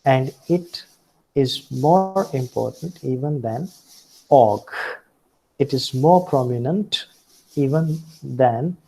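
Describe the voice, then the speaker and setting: Man, Indian English accent, lecturer, slow and deliberate, husky, dark tone. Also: mid-range voice, rough recording. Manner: deliberate, with frequent fillers and self-corrections. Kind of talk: recorded phonetics lecture.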